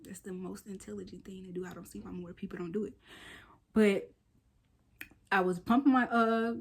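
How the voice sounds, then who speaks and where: A woman's voice: medium pitch, moderate pace, breathy edge. Chatty woman in her thirties vlogging. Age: 30s. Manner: chatty and animated, with slangy asides and playful soft whispered quips. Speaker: lifestyle vlogger. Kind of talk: casual storytelling vlog.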